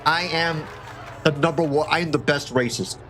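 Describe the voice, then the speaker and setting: A man giving casual gameplay commentary as a streamer, excitable and joking, swearing often. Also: a little high, moderate pace, some chatter behind, a little hiss or hum. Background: game music.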